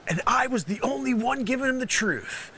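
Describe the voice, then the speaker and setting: Extremely high-pitched and sharp, this animated man speaks at normal speed with a little hiss or hum in the background. Hosting a variety live stream, he riffs through an improvised comedy bit as a street reporter, full of rambling, teasing asides.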